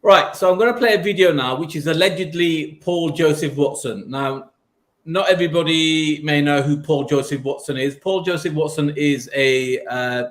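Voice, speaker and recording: A man's voice: on the high side, moderate pace, a bit bright. A man hosting a casual podcast, rambling with frequent ums and wry asides. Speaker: podcast host.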